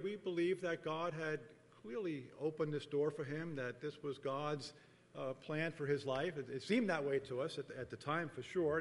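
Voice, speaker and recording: A middle-aged man preaching a sermon as pastor, telling a personal story in an earnest, measured way and often repeating phrases. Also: on the high side. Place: church sanctuary. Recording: long reverb of a large hall.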